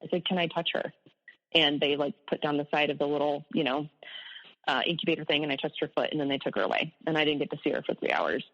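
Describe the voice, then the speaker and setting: A woman's voice: low voice, fast, fairly bright tone, big-room sound. Woman telling her story over a lo-fi line. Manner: candid, laughs ruefully at hard memories. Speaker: guest, abuse survivor. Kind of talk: personal storytelling in an interview.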